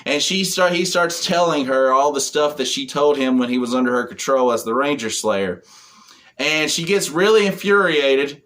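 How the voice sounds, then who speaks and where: A man's voice: medium pitch, moderate pace, fairly bright tone. A man giving a casual spoken comic book review, retelling the plot in a rambling way with lots of fillers.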